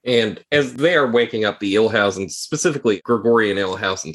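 A man narrating a tabletop game as game master, describing scenes calmly. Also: lowish voice, a little fast, few pauses.

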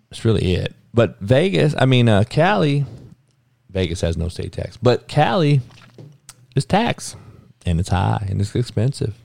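A creaky, medium-pitched voice belongs to a podcast host delivering an animated, profane sports rant, blunt and casual with lots of cursing. It's recorded in studio quality with no echo.

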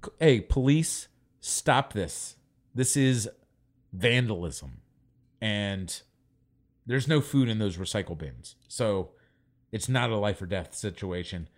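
Animated man telling stories on a podcast. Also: lowish voice, takes it slowly, pauses often. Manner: animated storyteller, acts out people he quotes. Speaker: podcast co-host. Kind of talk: casual chat.

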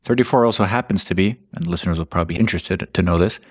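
Low-voiced joking podcast co-host. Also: male voice, racing, slightly rough. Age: 30s. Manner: jokey, rambling pop-culture references. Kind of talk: casual podcast banter.

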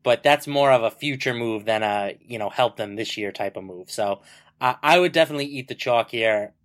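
A man co-hosting a sports betting podcast, giving relaxed analysis with lots of fillers. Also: mid-range voice, fairly quick. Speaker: podcast co-host. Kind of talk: casual sports betting chat.

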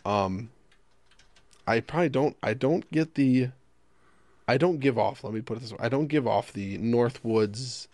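A man's voice: mid-range voice, measured pace, a little mellow, dry recording. A young man co-hosting a casual radio chat, rambling and self-deprecating as he jokes. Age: young adult. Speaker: co-host.

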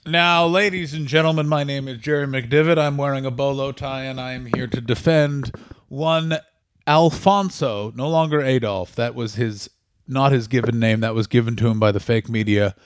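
A man's voice: medium pitch, fairly even intonation, moderate pace, no echo, studio quality, close to an everyday voice. A man doing a comedic impression of a smug, slippery corporate lawyer who grandstands as if he were addressing a jury. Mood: smug grandstanding.

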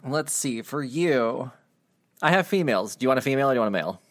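A man runs a tabletop session for his friends, teasing and quick with asides. His pitch swings widely as he hands out characters. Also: animated. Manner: playful, laughing, quick asides. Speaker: game master. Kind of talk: running a tabletop game with friends.

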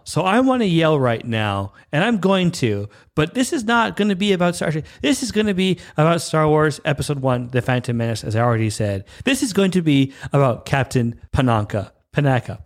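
A man in his thirties from Canada hosting a podcast, ranting in a rambling, self-interrupting way and jumping up in pitch when he gets irritated. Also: big pitch swings, fairly quick, hardly any pauses. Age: 30s. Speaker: podcast host. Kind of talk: casual monologue rant.

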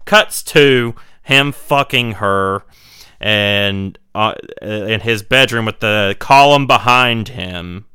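Bright, smooth-voiced man recapping a movie. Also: fairly low pitch, takes it slowly, no room sound. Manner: rambling, retells scenes with acted-out quotes. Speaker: podcast co-host. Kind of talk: casual movie recap chat.

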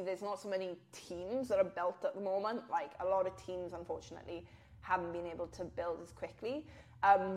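A woman's voice: lowish voice, darkish tone. Chatty young Welsh woman. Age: 20s. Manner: chatty and upbeat, quick laughs. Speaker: podcast guest, jiu-jitsu athlete. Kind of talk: casual interview chat.

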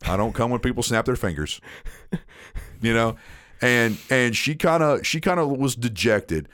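A man's voice: mid-range voice, expressive, moderate pace, a bit bright, no echo. A man telling a long personal story in casual chat, rambling and repeating himself as he acts out what was said.

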